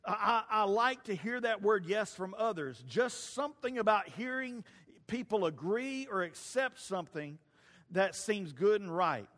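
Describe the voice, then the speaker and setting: High-voiced preacher in a hall. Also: male voice, animated, measured pace, a bit bright. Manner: folksy, storytelling, stumbling restarts. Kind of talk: sermon with personal stories. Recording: long reverb of a large hall.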